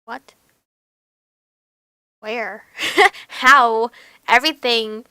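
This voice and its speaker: A woman hosting a let's play, reading a visual novel aloud and reacting in an animated, exclaiming way. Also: high voice, moderate pace, no echo.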